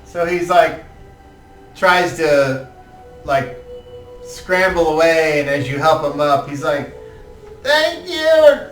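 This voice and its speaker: A man narrating as game master of a tabletop game, telling the scene slowly with fillers. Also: fairly high pitch. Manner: lively, slow storytelling with fillers. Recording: roomy, distant mic, faint music.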